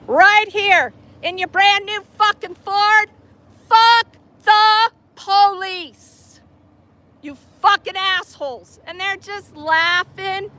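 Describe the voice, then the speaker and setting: A woman's voice: extremely high pitch, takes it slowly, few pauses, bright, forceful tone, dry recording. A woman filming police on a city street, heckling them in a profane, sarcastic way.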